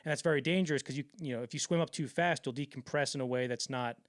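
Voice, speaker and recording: A man hosting a podcast, telling stories in a casual, animated way with lots of swearing and restarts. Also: medium pitch, fast talker, dry recording, studio quality. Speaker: podcast host. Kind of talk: casual storytelling chat.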